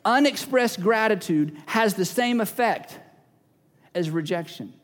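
A high-pitched man preaches in a large church hall, and his words ring out with a long reverb. He drives his points home by repeating key phrases. Now and then he slips into small acted-out scenes. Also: animated, a little slow. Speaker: pastor. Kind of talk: sermon.

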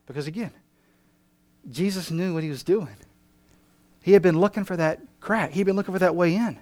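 A male pastor preaching a passionate sermon, moving between emphatic lines and quiet ones. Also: high-pitched, normal speed, pauses often, dry recording.

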